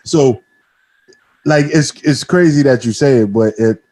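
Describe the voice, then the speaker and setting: A man, a radio host from Spanish Harlem, chatting in relaxed, slangy street talk. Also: mid-range voice, measured pace. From Spanish Harlem, New York. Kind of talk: casual radio interview chat.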